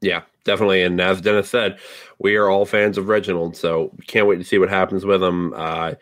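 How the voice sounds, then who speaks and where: A man co-hosting a casual wrestling podcast in a relaxed way, steering between segments. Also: sits low, brisk, no echo, studio quality. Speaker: podcast co-host.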